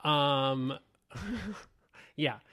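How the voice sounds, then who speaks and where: A man co-hosting a podcast in a casual chat about an old show. He fires off animated, quick questions. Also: fairly high pitch. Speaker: podcast co-host.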